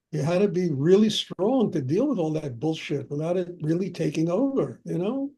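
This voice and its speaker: A man's voice: fairly high pitch, sing-song, normal speed, dark tone, slightly rough. An older man, a spiritual teacher, telling personal stories in a chatty way and laughing often during a question-and-answer talk. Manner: chatty, anecdotal, laughs often, frequent "you know".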